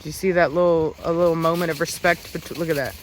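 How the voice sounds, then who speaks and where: A woman chats casually to the camera while standing outdoors among her dogs. She breaks off often to bark sharp, loud commands at them. Faint outdoor noise sits under her voice. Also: low-pitched, fairly even intonation, fast. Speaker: dog breeder and vlogger. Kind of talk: casual vlog narration. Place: outdoors in a rural yard with dogs.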